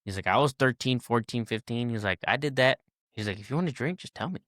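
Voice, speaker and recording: A man's voice: mid-range voice, lively intonation, fast, fairly bright tone, dry recording, studio quality. A man in his twenties, a podcast guest, telling a casual story and acting out the people in it with many fillers and restarts.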